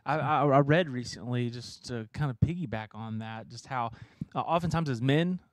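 A man's voice: mid-range voice, normal speed, no room sound, studio quality. A man hosting a casual interview, asking friendly, hesitant questions with plenty of fillers. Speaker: podcast host.

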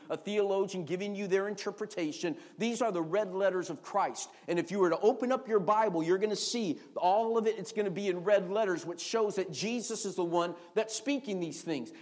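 A middle-aged man preaching a sermon as pastor, calling for responses and often repeating words as he tells stories. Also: sits high. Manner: call-and-response, repeats words, animated storytelling.

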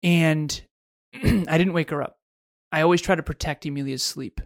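A man's voice: fairly high pitch, moderate pace, no echo. Storytelling man with a dry close sound. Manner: storytelling, self-correcting restarts. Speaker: podcast co-host. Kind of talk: casual podcast chat.

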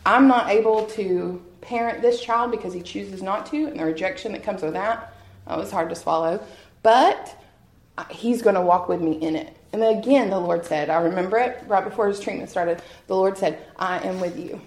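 A woman giving a heartfelt personal testimony at a church gathering, earnest and quick to laugh at herself. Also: mid-range voice, darkish tone. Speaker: guest speaker sharing testimony. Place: church hall with an audience. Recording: roomy hall echo.

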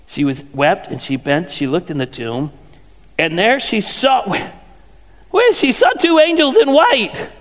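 A man preaches a sermon in a chatty, questioning way, his voice pitched high for a man. The sound carries a long hall reverb. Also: expressive, unhurried. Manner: conversational preaching with rhetorical questions. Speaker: pastor.

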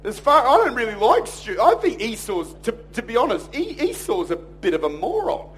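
A man preaching a sermon in church, telling stories in a jokey, animated way and acting out other people's voices. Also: very high voice, normal speed, a little hiss or hum. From Australia. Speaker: pastor.

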